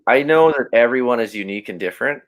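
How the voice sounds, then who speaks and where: A man's voice: medium pitch, lively intonation, quick pace. A man speaking as a podcast guest, reflective and open, often restarting his sentences. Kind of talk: casual interview chat.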